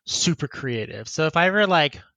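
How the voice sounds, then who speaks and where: Guy podcast host reading fan emails, kinda high voice, laughs a lot, dry close mic. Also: sing-song, fairly quick, sharp tone, dry recording. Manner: laughs often, chatty and rambling. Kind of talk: casual chat, reading listener emails.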